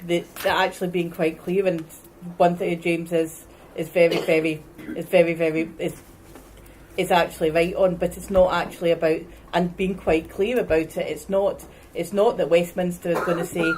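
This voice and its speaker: A woman on a debate panel argues her point in a matter-of-fact way. She stumbles and repeats words as she goes, and her voice sits low for a woman. Faint noise runs under her. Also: steady tone, normal speed, darkish tone, poor audio. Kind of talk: debate argument. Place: meeting room at a union debate.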